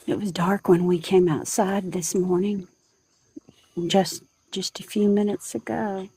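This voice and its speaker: A woman's voice: medium pitch, steady tone, a little slow, warm tone, husky, no room sound. A woman chatting casually on a livestream from a porch at dawn, making brief offhand remarks.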